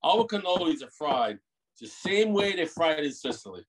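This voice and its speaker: A middle-aged man born in Italy, a bakery owner, talking in an animated, rambling way with many restarts on a video call. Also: on the high side, moderate pace. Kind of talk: casual interview over a video call.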